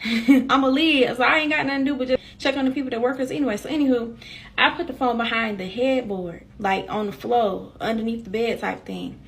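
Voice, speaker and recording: A woman's voice: on the high side, steady tone, a little fast, gravelly. A young woman telling a personal story to her viewers in a candid, slangy, casual way.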